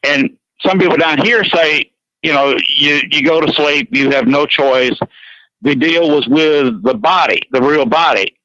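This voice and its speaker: A man with a Southern Georgia accent chats on radio, rambling and earnest and repeating himself. His voice is bright and a little high. The sound is dry and slightly muffled. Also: unhurried, dry recording. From Georgia, USA. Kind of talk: casual chat on a radio show.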